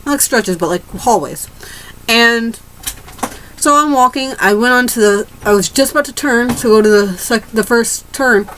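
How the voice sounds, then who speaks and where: High-voiced teen girl ranting. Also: normal speed, a bit bright, slight background noise, rough recording. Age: teens. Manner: rambling, restarts mid-sentence, swears freely. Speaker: vlogger. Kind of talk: ranting casual monologue.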